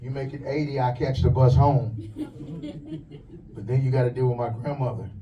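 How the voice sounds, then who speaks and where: A man doing a stand-up comedy set in a club, telling crude, punchy stories with quick asides. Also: medium pitch, steady tone, far from the mic, lo-fi sound, slight background noise. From lives in the USA.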